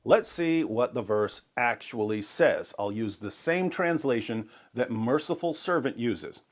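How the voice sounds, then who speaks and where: A man narrating a scripted video, making his argument in a measured, methodical way. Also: medium pitch, lively intonation.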